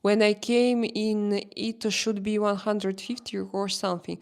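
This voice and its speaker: A woman with a Slavic accent hosting a casual livestream chat, answering viewers' comments in halting, animated English full of restarts. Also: medium pitch. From Slavic country. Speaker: livestream host.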